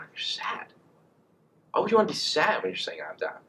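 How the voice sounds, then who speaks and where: A young man in college vlogging casually, rambling and animated with lots of fillers. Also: on the low side, fast, in a whisper. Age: young adult. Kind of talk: casual monologue to camera.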